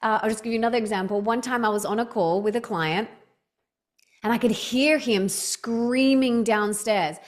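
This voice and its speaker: A woman in her thirties, a podcast guest telling stories in casual chat, with many restarts and fillers. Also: on the high side. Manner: chatty storytelling, quick restarts, lots of "like".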